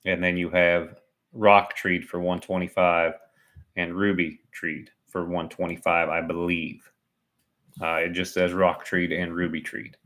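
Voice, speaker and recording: A man's voice: low-pitched, level tone, unhurried, a bit bright. A man doing chatty, self-mocking live commentary on a sporting event. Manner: chatty and joking, laughs at himself. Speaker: livestream commentator.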